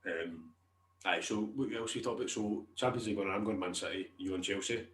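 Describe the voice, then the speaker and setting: A Scottish man talks football in a loose, chatty way and laughs a lot. His voice sits low and deep. The sound carries a roomy echo. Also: a little fast, a bit bright. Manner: laughs often, chatty banter. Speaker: podcast co-host. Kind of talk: casual chat.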